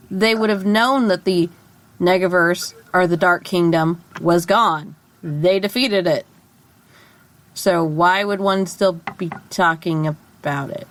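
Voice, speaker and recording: Slow-talking woman podcast co-host. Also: on the low side. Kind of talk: casual podcast chat.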